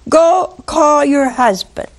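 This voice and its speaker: Calm firm teacher, as a woman quotes him. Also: high-pitched, takes it slowly, voice pushed up. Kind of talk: acted quote in a sermon.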